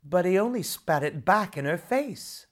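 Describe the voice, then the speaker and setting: A storyteller reading a children's storybook aloud in an expressive, unhurried way. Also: mid-range voice.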